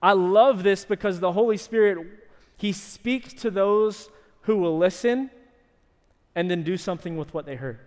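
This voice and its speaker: A man delivers a sermon from the pulpit, telling a story with animated energy. His voice sits a little high. Long reverb from the church sanctuary trails behind each phrase. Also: a little slow. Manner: animated storytelling, shouting in acted quotes. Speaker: pastor.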